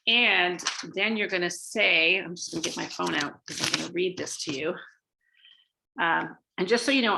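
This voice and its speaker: Woman trainer, casual talk, bright tone, gravelly, lots of um and restarts. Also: on the low side. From Canada. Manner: chatty, many fillers and restarts. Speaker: sales trainer.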